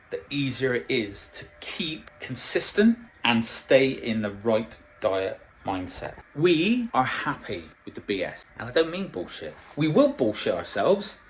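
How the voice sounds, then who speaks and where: A man's voice: medium pitch, sing-song, moderate pace, few pauses, a little hiss or hum, low-quality recording. A middle-aged man coaching on dieting in a casual vlog, blunt and swearing constantly as he tells stories. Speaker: diet coach.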